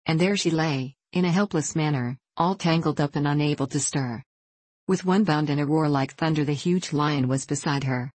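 A woman reading a storybook aloud in calm, measured audiobook narration. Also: sits low, no room sound. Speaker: reader.

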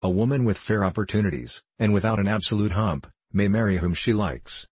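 A man narrates a classic novel in a measured, wry manner. His voice is low and husky. The recording is close and dry. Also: no echo. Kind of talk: audiobook reading of a classic novel.

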